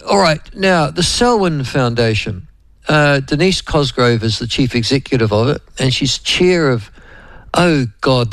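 Gravelly New Zealand radio host rambling. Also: male voice, medium pitch, dry recording. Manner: rambling, digressive, lots of fillers; addresses co-host and listeners by name. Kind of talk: casual radio chat.

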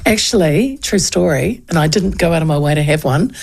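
A woman's voice: sits low, animated, brisk, creaky, a little mellow, breathy edge. A woman radio host with a New Zealand accent, chatting and telling a funny story, acting out the people in it. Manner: chatty storyteller, acts out quoted voices. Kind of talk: casual chat and anecdote.

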